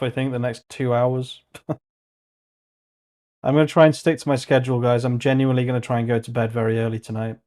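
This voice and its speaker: A young man talks to himself while he works through a coding session, thinking aloud in a loose, offhand way. He drops casual swears between muttered remarks, and his voice sits at an ordinary middle pitch. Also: fairly even intonation, moderate pace, mellow. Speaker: vlogger coding on stream.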